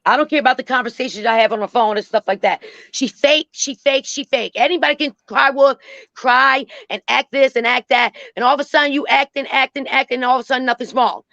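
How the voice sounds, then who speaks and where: A woman's voice: sits high, fairly quick, pushed and bright, dry recording, muffled recording. A woman calling into a live stream, speaking bluntly, cursing and repeating herself. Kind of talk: emotional call-in rant.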